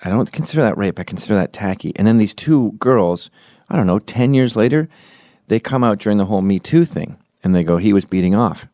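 Lower-voiced man in his forties, ranting. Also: lively intonation, brisk, dark tone, no room sound, clean studio sound. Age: 40s. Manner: profane, ranting, opinionated; acts out quoted voices mid-story. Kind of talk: comedic podcast monologue.

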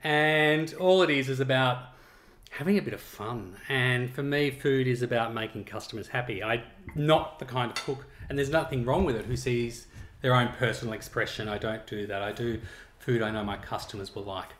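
A middle-aged Australian man, a chef talking casually about his cookbook in a relaxed, rambling way with frequent chuckles. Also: mid-range voice, normal speed. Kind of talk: casual interview chat.

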